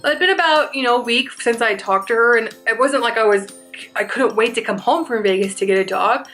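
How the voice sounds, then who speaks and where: A woman's voice: a little high, brisk, a bit bright, soft background music. A young woman vlogger chatting through a storytime, rambling and restarting her sentences as she goes. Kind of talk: casual storytime.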